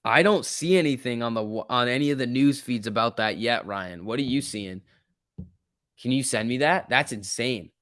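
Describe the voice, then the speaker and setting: A young man chats through a stock-market livestream, loose and excitable as he reacts to viewers. His voice sits at a middle pitch and sounds dry and close, with no room around it. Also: normal speed, no echo. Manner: chatty, reads chat messages aloud, jumpy and excitable. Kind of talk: casual livestream commentary.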